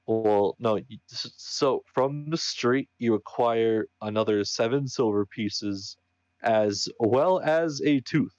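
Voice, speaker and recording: Slow, hesitant game master, man. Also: mid-range voice, a little mellow, no echo. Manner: hesitant, searching for words. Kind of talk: running a tabletop game. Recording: dull, dry sound.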